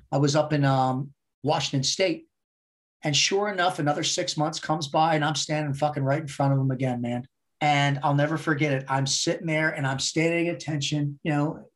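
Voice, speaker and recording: A middle-aged man from the United States, a podcast guest, telling his story in a blunt, profane, animated way. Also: a little high. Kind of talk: casual storytelling interview.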